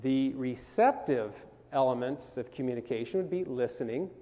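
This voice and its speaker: A man with an expressive, medium-pitched voice speaks at normal speed as he presents a communication workshop to a camp group. He keeps it conversational and asks the group questions, and the phone-quality recording echoes off a reverberant hall.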